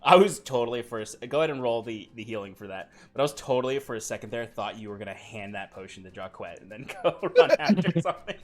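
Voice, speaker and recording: A man acting as game master, laying out rules and narrating in a relaxed way and laughing often. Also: medium pitch, fast talker, hardly any pauses.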